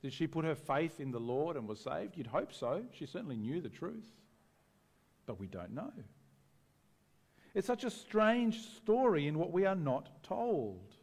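Animated male preacher in a reverberant hall. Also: fairly high pitch, a little slow. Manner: conversational and animated, acting out voices. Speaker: pastor. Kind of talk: sermon.

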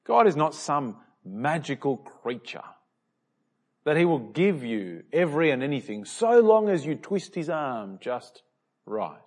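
A male pastor delivers a conversational sermon. His voice is husky and a little high, and it swings widely in pitch. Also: very animated, unhurried. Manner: conversational storyteller with a joking aside.

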